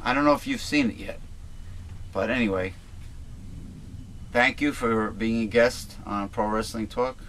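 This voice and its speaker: A man's voice: lowish voice, a little slow, long pauses, fairly bright tone, a little hiss or hum. A man hosting a talk show, speaking in casual commentary that halts and restarts with repeated words.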